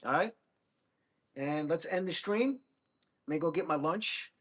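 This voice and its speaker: A man in his fifties chats loosely on a livestream, drifting from one thought to the next and calling his viewers buddy and bro. His voice sits a little high for a man, and he talks in a relaxed, friendly way. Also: unhurried. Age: 50s. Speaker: livestream host. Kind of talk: casual livestream chat with viewers.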